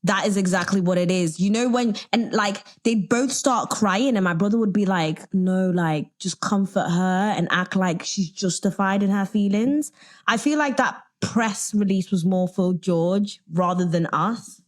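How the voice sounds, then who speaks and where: Woman co-host, mid-pitched, wry and blunt, conversational. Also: a little slow. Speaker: podcast co-host. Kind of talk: casual podcast chat.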